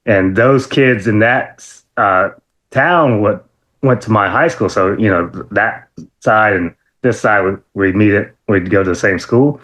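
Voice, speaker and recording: Animated man telling a wrestling story. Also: a little slow. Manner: animated, acts out quotes in a high excited voice; laughs often, many fillers and restarts. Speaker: interview guest, former wrestler. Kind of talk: casual storytelling interview.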